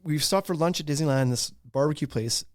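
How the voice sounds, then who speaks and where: A man's voice: on the high side, fairly quick, no echo, clean studio sound. A man in his thirties hosting a podcast, telling a story in a loose, laughing way with lots of fillers. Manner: animated, laughing, many fillers. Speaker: podcast host. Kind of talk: casual storytelling.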